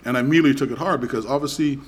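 A middle-aged man hosting a podcast, telling a story in casual chat, animated and profane, acting out both sides of a quarrel. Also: medium pitch, very fast. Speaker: podcast host.

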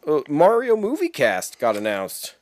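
A man's voice: a little high, huge pitch swings, measured pace, no echo. A man co-hosting a casual chat in an easygoing, laughing manner. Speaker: podcast co-host.

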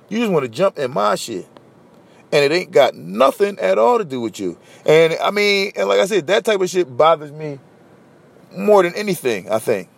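A young man from Philadelphia with a Philly accent, hosting a casual solo podcast and telling stories in a blunt, profane, animated way. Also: on the high side, vocal fry. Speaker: podcast host.

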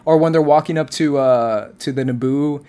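A man in casual chat, animated and swearing, mocking movie dialogue in put-on voices. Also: a little high, normal speed.

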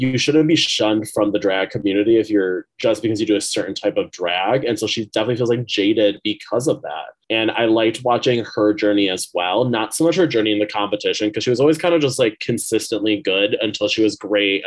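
A man co-hosting a casual podcast chat, rambling on with lots of fillers. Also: fairly low pitch. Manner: chatty, full of fillers, swearing. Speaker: podcast co-host.

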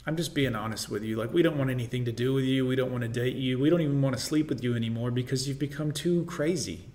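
A man delivers reaction commentary in a blunt, opinionated way. His voice sits at an ordinary middle pitch, and he speaks in a lecturing, matter-of-fact manner. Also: quick pace, darkish tone.

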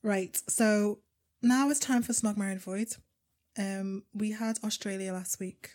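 A woman's voice: mid-range voice, steady tone, a little slow, darkish tone. A young woman co-hosting a podcast, chatting casually and laughing easily. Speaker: podcast co-host. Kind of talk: casual chat.

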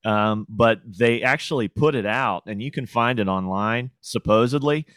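A man's voice: mid-range voice, moderate pace, a bit bright, clean tone, no echo. A man co-hosting a casual podcast chat, asking eager questions and reacting to the story. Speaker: podcast co-host.

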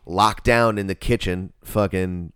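A man's voice: low voice, fairly even intonation, unhurried, a bit bright, clean tone, no echo, clean studio sound. A man hosting a podcast in casual chat, talking brash, swaggering trash talk full of swearing. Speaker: podcast host.

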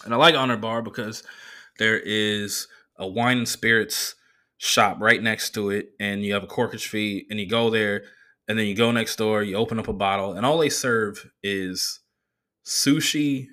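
A man hosting a solo podcast, telling rambling, profane stories in a casual, animated way. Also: fairly low pitch, a little slow. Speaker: comedian and podcast host.

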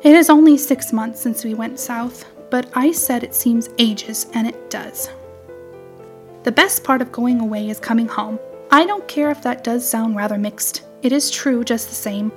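A fussy, sharp-tongued little wren scolds and chatters in a storybook reading, as a woman puts her on. The voice sits fairly high and stays tart and quick to reprove. Faint music plays underneath. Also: natural voice. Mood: chattering.

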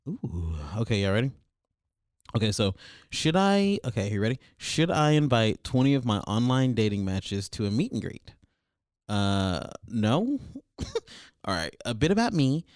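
A man's voice: mid-range voice, a little mellow, dry recording, studio quality. A young man hosting a comedic advice show, rambling crude and over-the-top.

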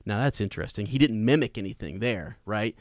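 Low-voiced casual podcast man. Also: fairly quick, no echo, clean studio sound. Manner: relaxed, rambling, corrects himself mid-sentence. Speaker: podcast host. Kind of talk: casual podcast discussion of a book.

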